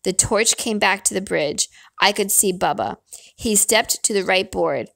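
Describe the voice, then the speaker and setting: Brief: woman narrator reading a novel, expressive, dry close sound. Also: medium pitch, measured pace, gravelly, no echo. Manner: expressive first-person storytelling.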